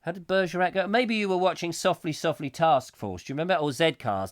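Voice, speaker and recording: A man's voice: sits high, expressive, quick pace, few pauses. Rambling male livestream host with a cold. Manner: rambling, reads out viewer comments. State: has a cold. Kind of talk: casual live-stream chat.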